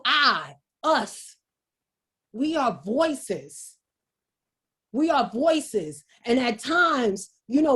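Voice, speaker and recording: A woman speaks over a video call in an earnest, halting way, often starting over and repeating herself. Her voice sits a bit high and sounds husky. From New York, USA. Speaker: guest speaker. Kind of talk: emotional personal testimony.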